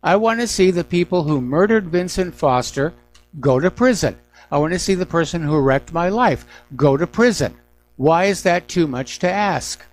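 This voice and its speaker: A man's voice: fairly high pitch, animated, normal speed. A middle-aged man hosting a news talk radio show, giving emphatic, indignant opinions on the day's stories.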